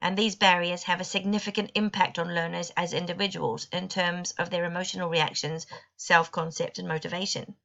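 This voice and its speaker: Bright-voiced woman presenting to teachers. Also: on the low side, flat delivery, fairly quick, highs cut off. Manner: clear, explanatory, lightly wry. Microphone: computer mic on video call.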